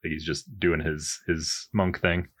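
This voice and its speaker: A man playing a tabletop game, describing his character's actions in a relaxed, rambling way. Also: deep voice, slow pace, slightly rough. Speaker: player. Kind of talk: casual tabletop play.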